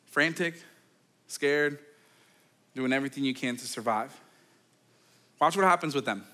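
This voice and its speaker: A man, a pastor, preaching a sermon in a conversational, animated storytelling way, full of casual fillers. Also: medium pitch, a little slow. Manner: animated storytelling, acting out quoted voices; conversational, with many fillers like "like" and "okay".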